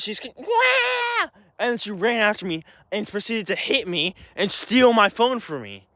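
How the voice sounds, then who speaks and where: A man's voice: high voice, pushed and bright. A young man telling a personal story in an agitated, rambling way, full of restarts and swearing. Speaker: vlogger.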